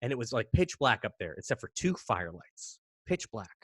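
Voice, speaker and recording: Brief: man from Canada, mid-pitched, casual and animated storyteller, acts out sounds, dry studio sound. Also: normal speed, slightly rough, no echo. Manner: animated, dramatic, mimics bangs and gasps. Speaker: podcast guest.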